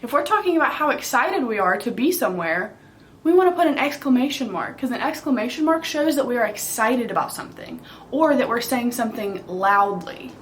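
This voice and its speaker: A young woman teaching a writing lesson to small children, slow and patient as she explains each step. Her voice sits a little high. A faint hum of room noise runs underneath. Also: animated. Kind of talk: early-grade writing lesson.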